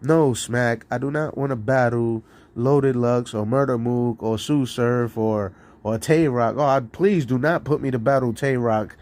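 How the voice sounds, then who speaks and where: A man talking casually on his live stream, rambling and profane, laughing between lines and swinging from loud outbursts to low mutters. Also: unhurried. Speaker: streamer and rapper.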